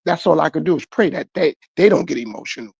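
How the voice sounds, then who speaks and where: A man's voice: fairly high pitch, lively intonation, quick pace, creaky, darkish tone, breathy edge, no echo, lo-fi sound. A man hosting his own podcast, giving a repetitive motivational monologue straight to his viewers. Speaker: podcast host.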